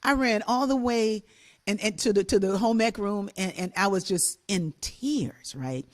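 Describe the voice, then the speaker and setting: An older woman telling a childhood story on a talk show, animated and laughing, acting out the voices of the people in it. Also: mid-range voice, a little slow. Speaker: co-host and musician.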